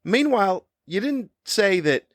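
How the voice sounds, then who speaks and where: A man's voice: high-pitched, very animated, measured pace, dry recording, studio quality. An older man hosting a comedy podcast, delivering a cranky, sarcastic rant. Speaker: podcast host.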